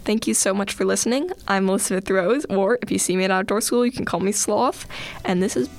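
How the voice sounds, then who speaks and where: Casual storyteller: a woman with a creaky voice, earnest and chatty, dry close sound. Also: medium pitch, brisk, dry recording. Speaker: student leader on a radio student segment.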